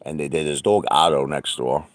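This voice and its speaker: A man chatting casually on a livestream, rambling and boastful, sometimes laughing and putting on a mock falsetto. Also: fairly even intonation, moderate pace, no echo. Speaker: livestream host. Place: outdoor hot tub at night.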